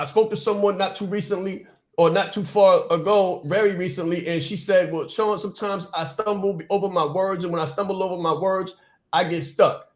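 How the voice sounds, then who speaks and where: A man hosting a podcast, giving a fast, emphatic motivational talk, repeating his points and stumbling over words without stopping. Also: high-pitched. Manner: fast, repetitive, emphatic preaching. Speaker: podcast host and business coach. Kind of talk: motivational speech.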